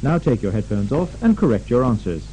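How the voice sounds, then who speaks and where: A man instructing a recorded pronunciation drill, speaking slowly and carefully with exaggerated intonation. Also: medium pitch, sing-song, mellow, a little hiss or hum. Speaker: language lab instructor. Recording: dull lo-fi tape recording.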